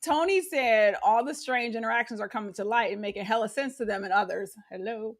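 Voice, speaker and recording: A woman's voice: fairly high pitch, brisk. A woman co-hosting a casual gossip podcast, reading out headlines and viewer comments and swearing freely. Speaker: podcast co-host.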